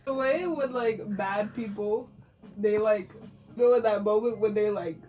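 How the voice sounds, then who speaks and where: Woman, mellow tone, short quiet reactions, distant from mic, faint music. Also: medium pitch, unhurried. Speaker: friend listening. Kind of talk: casual chat.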